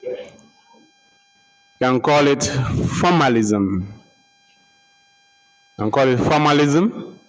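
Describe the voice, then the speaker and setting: A man giving a lecture, slowly repeating names and spelling them out letter by letter for note-taking. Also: medium pitch, lively intonation, rough recording. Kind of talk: slow dictation-style lecture.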